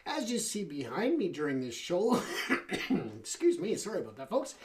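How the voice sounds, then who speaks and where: A man's voice: sits high, wildly swooping pitch, moderate pace. A man hosting a talk show, speaking conversationally with fillers and friendly asides to the audience. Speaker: show host. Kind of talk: casual talk show monologue.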